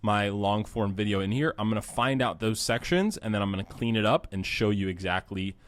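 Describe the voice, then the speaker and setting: A young course instructor talks fairly quickly in a lowish voice, casually covering a video editing tutorial recorded from his screen. His tone is practical, fillers come often, and he's close to the mic.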